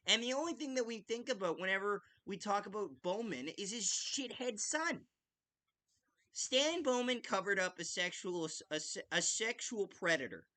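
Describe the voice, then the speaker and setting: Man, podcast host, high voice, very bright, casual live commentary, ranting, swearing, lots of fillers. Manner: ranting, impassioned, frequent "like" fillers and restarts.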